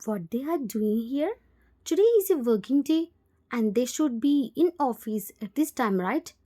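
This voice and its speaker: A woman narrating a fan fiction story in the second person, in a plain, steady voiceover. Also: high-pitched, unhurried.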